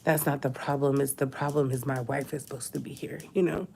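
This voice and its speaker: A woman's voice: rumbling low, level tone, a little fast, creaky, darkish tone, slight background noise. A woman, crying as she talks openly in a personal vlog from a hospital room. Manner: tearful, talks through crying. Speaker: vlogger.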